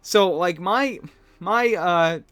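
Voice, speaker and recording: Male podcast host, slightly high voice, excitable and laughing, just getting over a cold. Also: extremely slow, dry recording. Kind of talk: casual solo podcast commentary.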